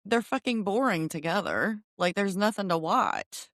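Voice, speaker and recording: A woman's voice: mid-range voice, lively intonation, normal speed, fairly bright tone, no room sound, studio quality. A woman co-hosting a podcast, chatting bluntly and frankly about a reality show. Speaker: podcast co-host. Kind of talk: casual recap chat.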